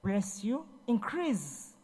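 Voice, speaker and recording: Speaking in a sing-song, mid-range voice that is mellow with a breathy edge, a woman minister of government draws out her words during a ceremony speech in a large event hall. As the guest speaker, she tells Bible stories preachily and returns to the same points again and again.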